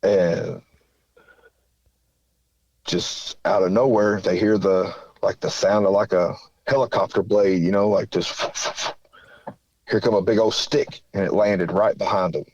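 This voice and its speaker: A man's voice: deep voice, fairly even intonation, a little slow, darkish tone, dry recording, muffled recording. A man from southern Indiana calling in, telling a story in a rambling, folksy way with lots of fillers. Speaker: caller. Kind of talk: casual storytelling.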